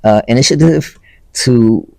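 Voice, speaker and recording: An older man, a theater director, speaking in an interview in an earnest, emphatic way, halting with fillers. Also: mid-range voice, vocal fry, dark tone, no room sound. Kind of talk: casual interview talk.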